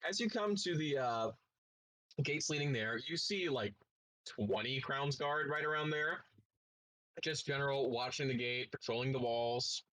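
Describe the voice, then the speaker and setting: Man, game master, casual tabletop narration, mid pitch. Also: unhurried, dry recording, poor audio. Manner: relaxed, casual narration with fillers.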